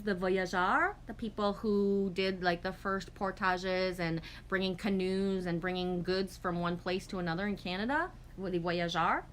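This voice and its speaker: This forties-aged woman, medium in pitch, is livestreaming in a relaxed way, reading comments from viewers and wandering through animated, profane anecdotes where she performs the quotes. A slight background noise is audible.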